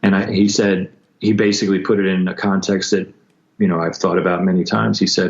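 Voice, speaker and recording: A man recounting a painful story as a podcast guest, intense and halting, with frequent restarts and acted-out quotes. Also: low voice, little pitch movement. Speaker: guest musician. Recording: dull lo-fi sound.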